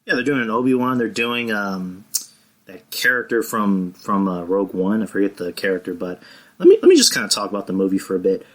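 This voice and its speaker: A man's voice: fairly low pitch, expressive, brisk. A man chatting casually on a podcast, rambling with frequent restarts and casual swearing. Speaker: podcast co-host.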